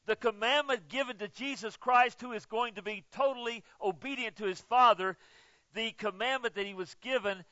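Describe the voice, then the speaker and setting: Man, pastor, sermon, high voice, loud then hushed, dry muffled recording. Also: no echo. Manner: swings from loud emphatic to soft and low. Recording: dull, muffled, dry sound.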